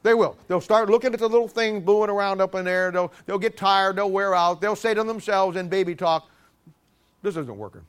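A man preaching a sermon in an animated, humorous way, stammering restarts and acting out little scenes. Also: high-pitched, a little fast, few pauses, clean tone.

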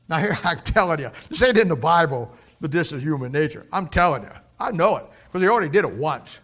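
Folksy, animated male preacher. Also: on the high side. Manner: reads scripture in slow, solemn tone. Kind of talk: sermon.

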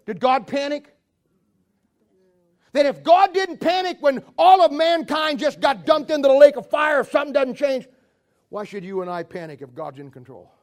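High-voiced folksy preacher man. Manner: folksy storytelling, laughs at own jokes, acts out voices. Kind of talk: humorous sermon.

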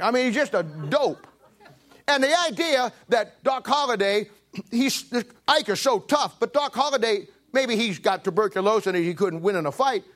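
A man's voice: high-pitched, fairly bright tone. A man in his seventies preaching a sermon as pastor, telling folksy stories with emphasis and acting out quoted voices. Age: 70s. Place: church sanctuary.

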